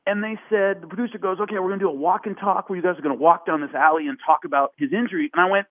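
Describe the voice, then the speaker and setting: Talking very fast, a podcast guest tells a casual story, animatedly acting out quotes in a raised voice. The recording has no echo and a phone-like narrow band.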